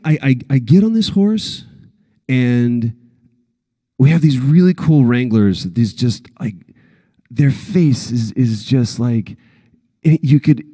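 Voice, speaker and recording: Animated, lively man telling a story. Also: dry recording, clean studio sound, in a large hall. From Texas. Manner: animated storyteller, acts out quotes with big pitch jumps. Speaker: panel guest. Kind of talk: storytelling at a convention panel. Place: convention hall stage.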